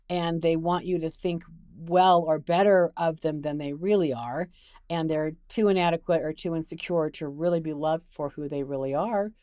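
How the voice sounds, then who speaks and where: Woman host, lowish voice, candid conversational advice talk, dry close sound. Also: mellow, no echo. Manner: frank and conversational. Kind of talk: casual advice talk with storytelling.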